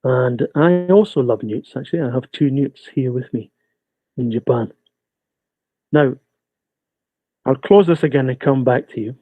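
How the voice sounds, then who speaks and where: A man from Scotland, giving a measured, explanatory webinar lecture as a guest speaker over a video call. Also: mid-range voice, husky, dry recording. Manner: measured, explanatory, pausing often. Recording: tinny, dry video-call audio.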